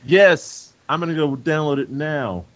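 A man co-hosting a casual gaming podcast, his pitch moving up and down a lot as he teases the others. His voice comes through with a dull, lo-fi sound. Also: sing-song, brisk. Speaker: podcast co-host.

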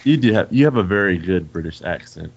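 A man co-hosting a casual gaming podcast, his pitch moving up and down a lot as he teases the others. His voice comes through with a dull, lo-fi sound. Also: animated, a little fast, creaky, slight background noise. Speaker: podcast co-host.

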